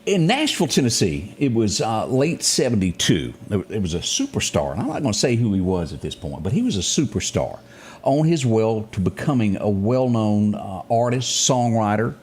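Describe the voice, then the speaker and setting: A man hosting a radio talk show, telling stories in a lively, animated way. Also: on the low side, normal speed, husky. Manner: animated storyteller, acts out quotes. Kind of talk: casual interview and storytelling.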